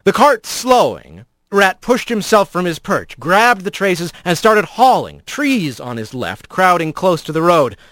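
A man narrating an audiobook in an expressive, animated storytelling manner. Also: high-pitched, a little slow, no echo.

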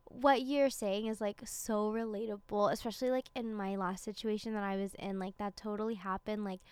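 Young woman co-host, supportive casual talker, bright-ish clear tone, dry studio sound. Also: mid-range voice, fairly even intonation, fairly quick, no echo. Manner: warm, supportive listener, casual filler-heavy talk. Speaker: podcast co-host. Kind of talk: casual chat.

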